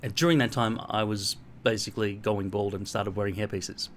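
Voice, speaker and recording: A middle-aged Australian man vlogs a casual, rambling monologue to camera at home, blunt and self-mocking and swearing freely. His voice is lowish and fairly bright, with fairly even intonation and a brisk pace, over a little hiss or hum.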